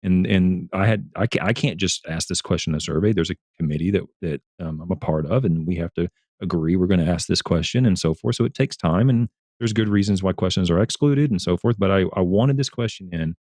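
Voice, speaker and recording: Male turf scientist guest, low voice, earnest, animated storyteller, dry sound. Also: fairly quick, no room sound. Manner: earnest, repeats words and restarts phrases. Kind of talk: casual livestream discussion.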